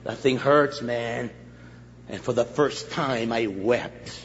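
A middle-aged man preaching a testimony sermon as a guest pastor, acting out scenes and swinging from loud to hushed. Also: mid-range voice, slow. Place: church sanctuary. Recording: dull recording with long hall reverb, faint noise.

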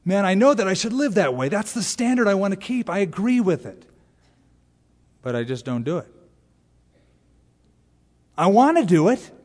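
A man preaching an expository sermon as pastor, animated and acting out little voices. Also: sits high, normal speed, pauses often, big-room sound. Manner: animated, acts out voices and exaggerated asides. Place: large church sanctuary.

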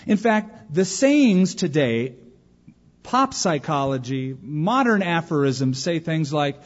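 A man's voice: a little high, slow. A man preaching a sermon, telling stories with energy and acting out the voices in them. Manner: animated storyteller who acts out quoted voices. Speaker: pastor. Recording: dull recording with long hall reverb.

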